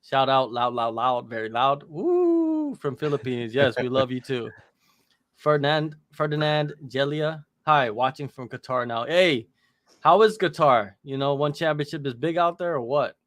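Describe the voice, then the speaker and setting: A man hosting a casual livestream watch-along, reading viewer comments and shout-outs aloud with a joking manner. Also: mid-range voice, moderate pace, dry recording.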